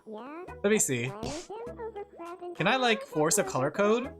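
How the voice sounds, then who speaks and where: A woman's voice: mid-range voice, sing-song, takes it slowly. A woman VTuber chatting casually with her viewers while she draws, giggly and talkative. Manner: giggly, chatty, talking to chat. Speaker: VTuber streamer. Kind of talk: casual livestream chat while drawing. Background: background music.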